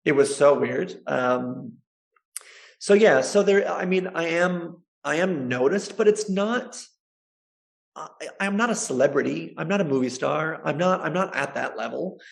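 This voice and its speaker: A man, a chiropractor, telling stories in a casual interview, animated and laughing often. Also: mid-range voice, moderate pace, vocal fry. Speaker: guest, chiropractor and social media creator.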